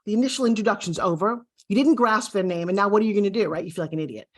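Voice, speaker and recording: A woman's voice: medium pitch, rapid-fire, darkish tone. A middle-aged woman teaching a video course, speaking in an upbeat coaching style straight to the viewer. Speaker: course instructor.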